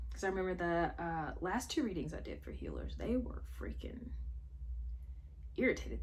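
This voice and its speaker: A woman's voice: a little high, big pitch swings, normal speed. A woman chatting her way through a tarot reading, thinking aloud with many fillers and asides. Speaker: tarot reader. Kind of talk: casual spiritual tarot reading.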